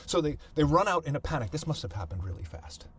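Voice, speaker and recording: Halting man telling a family story. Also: a little high, very animated, breathy edge. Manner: halting, repeats words, thinks aloud. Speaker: podcast host.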